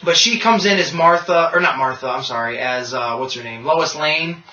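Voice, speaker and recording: A man hosting a casual podcast, retelling scenes in an animated way and laughing often. His voice is high and bright, heard from a distance in a roomy space on a dull, lo-fi recording. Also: normal speed. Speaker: podcast host. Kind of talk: casual chat.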